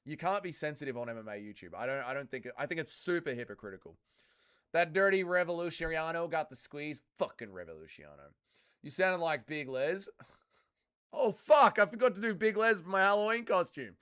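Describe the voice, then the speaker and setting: A man hosting a live fight watch-along stream, talking casually with chat and yelling profane instructions at the fighters. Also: fairly high pitch, brisk, clear, resonant tone. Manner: excitable, profane, yells at the fighters. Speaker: livestream host.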